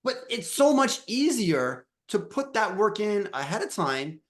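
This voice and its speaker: A man in his thirties talks through a personal story about his kids, slightly high-pitched for a man. He is emotional and halting, starting sentences over as he speaks. It sounds like a podcast chat. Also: very animated, fairly bright tone. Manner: emotional, halting, with many restarts. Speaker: dad coach.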